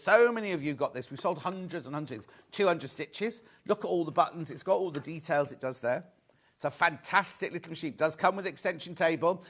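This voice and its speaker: A man's voice: on the high side, fairly bright tone. A middle-aged man from England hosting a live sewing shopping show, chatting upbeat sales patter and reading out viewer messages.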